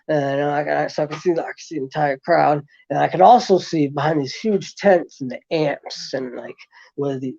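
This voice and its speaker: A man guest telling a long story in casual chat, rambling with many fillers and restarts, and getting animated as he retells events. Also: on the high side, vocal fry, no room sound, lo-fi sound.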